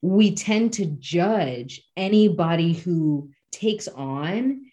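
A woman in casual podcast conversation, reflective and animated, with many fillers and restarts. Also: lowish voice, very slow, highs cut off.

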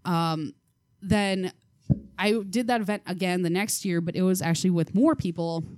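A woman's voice: on the low side, moderate pace, dry recording, studio quality. A young woman chatting as a podcast guest, telling stories with lots of laughs and filler words. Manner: animated storyteller, laughs often, many ums. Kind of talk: casual chat.

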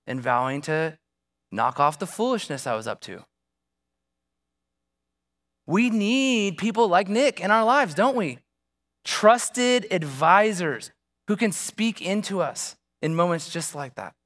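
A pastor preaching a sermon in a relaxed, conversational way. He tells a story from his own life and keeps turning to the congregation with questions. His voice sits fairly high for a man. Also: measured pace.

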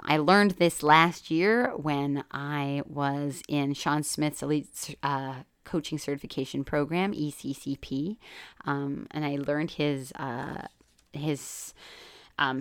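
A woman's voice: low-pitched, fairly bright tone, clean tone, no room sound, studio quality. A woman life coach talking casually on her own podcast, candid and chatty, swearing freely and laughing often. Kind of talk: casual solo podcast talk.

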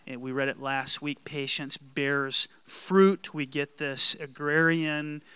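Male pastor, conversational preacher, smooth clear voice, dry close recording. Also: fairly high pitch, steady tone, slow, pushed and bright, dry recording. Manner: conversational, asks the congregation questions. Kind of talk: sermon.

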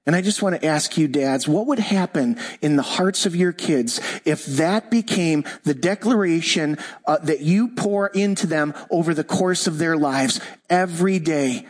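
Emphatic fifty-something man preaching. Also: fairly high pitch. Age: 50s. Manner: emphatic preaching, slowing down for scripture and repeated declarations. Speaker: pastor. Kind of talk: sermon. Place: church.

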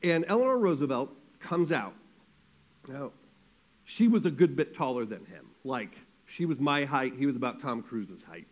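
A man preaching a sermon as a pastor, telling a story in a lively, conversational way with quick asides. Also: mid-range voice.

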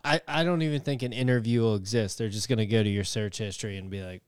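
A man's voice: fairly low pitch, fast, clean tone, no echo, studio quality. A man chatting casually on a podcast, teasing the host and laughing often.

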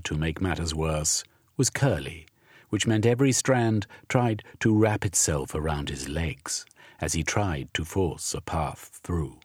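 Slow, husky male audiobook narrator. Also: sits low. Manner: measured, expressive storytelling. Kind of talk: scripted narration.

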